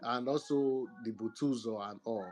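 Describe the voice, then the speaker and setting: A man's voice: mid-range voice, moderate pace, darkish tone, soft background music. A man speaking in a casual online talk, earnest and rambling with hesitant fillers. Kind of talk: casual chat.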